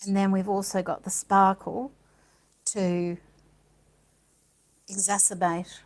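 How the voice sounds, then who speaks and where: A woman's voice: medium pitch, little pitch movement, takes it slowly, long pauses, low-quality recording. A woman giving a casual art demonstration, chatting and thinking aloud as she works, with delighted little gasps. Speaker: art supplies presenter.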